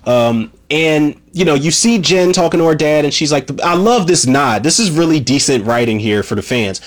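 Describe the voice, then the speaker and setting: A man's voice: on the high side, animated, moderate pace. A man casually recapping a movie scene by scene, rambling and swearing freely, with lots of "you know" and "man". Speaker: movie reviewer.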